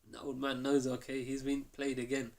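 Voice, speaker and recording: A man teaching a mosque class, telling the story in a lively way and acting out the quoted lines. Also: medium pitch, fairly quick. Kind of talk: storytelling lesson.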